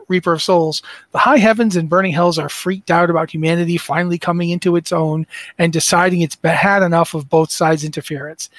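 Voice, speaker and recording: A man hosting a podcast, with a raspy voice, relaxed as he moves the discussion along. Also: on the high side, no echo. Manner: relaxed, moderating the talk. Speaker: podcast host. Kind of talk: casual chat.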